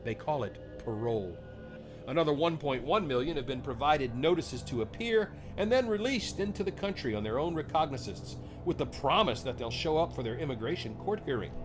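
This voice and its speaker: A man hosting a political commentary podcast, speaking with a hoarse, nasal voice in an emphatic, indignant way. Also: mid-range voice. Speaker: podcast host. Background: background music.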